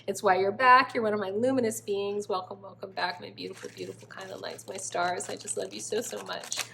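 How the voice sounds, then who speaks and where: A woman's voice: medium pitch, fairly even intonation, brisk, creaky, sharp tone, slight background noise. A woman doing a spiritual tarot reading, effusive and affectionate, often exclaiming as she turns the cards. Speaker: tarot reader.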